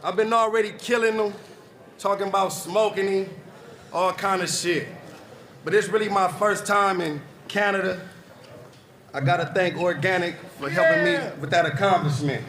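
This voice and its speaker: A man's voice: sits high, moderate pace, fairly bright tone. A man, a battle rapper, talking earnestly and casually to the crowd between rounds at a live event. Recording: live crowd noise around.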